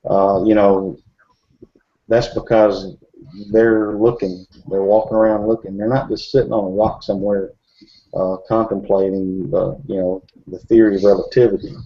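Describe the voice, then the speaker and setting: Level in tone and moderate in pace, a man with a fairly low voice joins a casual group discussion as a Bigfoot researcher. He rambles through many fillers and restarts on a dull lo-fi recording.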